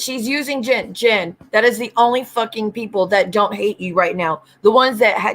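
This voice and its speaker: A woman's voice: mid-range voice, a bit bright. A woman hosting a casual livestream, greeting viewers by name and ranting bluntly with lots of swearing. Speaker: livestream host.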